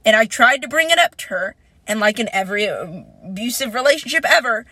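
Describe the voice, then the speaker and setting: A young woman chatting casually in a parked car, telling an animated story and acting out what her ex said. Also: a little high, brisk, husky, no echo. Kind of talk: casual chat.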